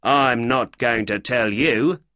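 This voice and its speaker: A man's voice: medium pitch, slow pace, sharp tone, no echo, studio quality. A man voicing an irritable middle-aged male poultry seller who talks defensively in an audiobook reading. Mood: grumbling.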